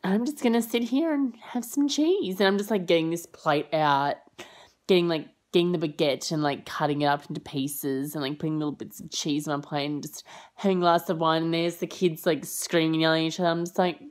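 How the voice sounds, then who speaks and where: Chatty young woman with a low voice. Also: flat delivery, fairly quick. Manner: rambling and chatty, full of fillers; acts out quoted lines with high jumps in pitch. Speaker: au pair vlogger. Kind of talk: casual chatty vlog.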